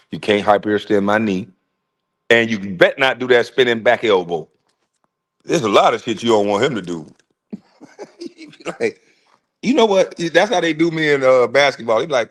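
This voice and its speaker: A man in his forties hosting a casual livestream, telling stories in an animated, slangy way with frequent laughs. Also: on the low side. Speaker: livestream host.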